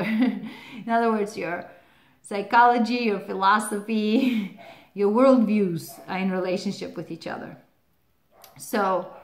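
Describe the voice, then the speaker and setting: A woman hosting a relationship advice channel, talking casually to the camera, laughing often and using lots of "like" fillers. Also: mid-range voice. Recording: roomy echo.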